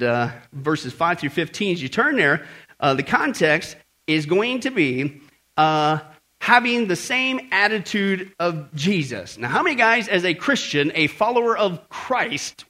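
A pastor preaches a sermon, telling a story and asking his congregation rhetorical questions. His voice is high-pitched, bright and forceful.

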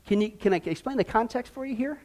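A man preaching a sermon fervently, dropping low for emphasis and rising into excited runs. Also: quick pace. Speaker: pastor.

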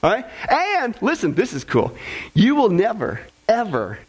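High-voiced pastor preaching with jokes. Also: male voice, unhurried, husky. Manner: animated, joking, laughs at own jokes. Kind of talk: sermon. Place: church with congregation.

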